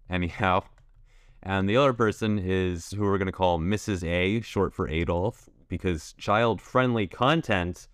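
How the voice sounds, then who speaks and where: A young man hosting a gaming video, telling a school story in a sarcastic, deadpan way with lots of restarts. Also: sits low, no room sound, studio quality. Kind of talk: casual storytelling over gameplay.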